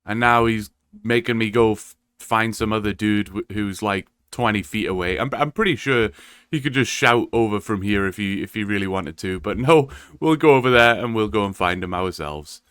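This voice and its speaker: A man's voice: lowish voice, normal speed, a bit bright, smooth, no room sound. A man giving casual, wry gameplay commentary as a gaming video creator, explaining the rules of his game run step by step.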